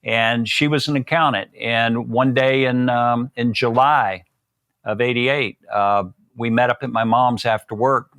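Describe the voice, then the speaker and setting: An older man tells a long personal story in a relaxed, folksy way, slipping into quoted voices of the people in it. His voice sits in a middle pitch, close to a dry, dead-sounding mic. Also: unhurried, clear, resonant tone, dry recording. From Southern United States. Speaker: guest. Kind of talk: storytelling interview.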